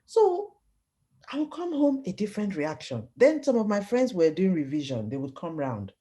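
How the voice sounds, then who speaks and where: A woman's voice: medium pitch, moderate pace. A middle-aged woman sharing her personal story as an interview guest, telling it vividly and acting out the voices of people she quotes. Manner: expressive storytelling, acts out quoted voices, laughs often. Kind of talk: personal testimony in conversation.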